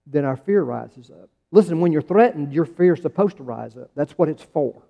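A man's voice: a little high, expressive, moderate pace, creaky, hardly any pauses. A man with an American accent preaching a conversational sermon as pastor, restarting phrases and pressing his questions harder. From United States. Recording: dull sound in a large reverberant hall.

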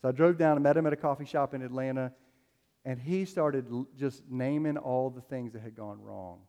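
A man's voice: medium pitch, moderate pace, warm tone, muffled recording. A man preaching a sermon as a pastor, telling stories in a loose, conversational way with plenty of fillers. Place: church sanctuary. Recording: long hall reverb.

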